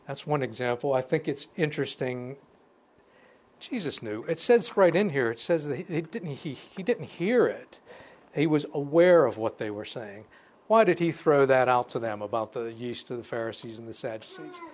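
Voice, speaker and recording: A man's voice: mid-range voice, lively intonation. Man teaching casually from scripture. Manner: conversational, pauses to comment between verses, restarts phrases. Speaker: Bible teacher. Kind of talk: informal Bible study talk with scripture reading.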